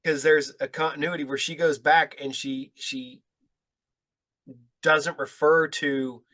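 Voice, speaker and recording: A man, a podcast host and producer, chatting casually, rambling with halting restarts. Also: fairly high pitch, little pitch movement, sharp tone.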